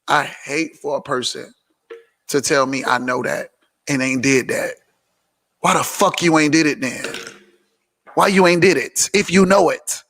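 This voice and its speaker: A man giving an emphatic, preachy motivational business talk on a livestream, repeating phrases and sometimes shouting. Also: a little high, expressive, unhurried, big-room sound. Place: indoor room filming himself on several cameras.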